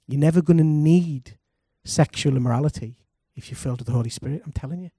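Animated man preaching a sermon. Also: fairly high pitch, quick pace, husky, no echo, clean studio sound. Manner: animated preaching, calls for congregation responses, laughs. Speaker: pastor.

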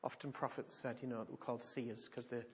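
A pastor preaches in church, his mid-range voice moving fast as he tells stories animatedly and repeats points for emphasis. This sermon teaching comes through a dull lo-fi recording with slight background noise.

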